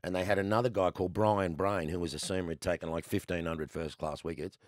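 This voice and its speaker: Aussie bloke in his 60s, low voice, chatty storyteller, laughs a lot. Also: fast, no echo, clean studio sound. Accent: Australian. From Australia. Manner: lively storyteller, laughs often. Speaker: guest, former cricketer. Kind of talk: casual podcast chat.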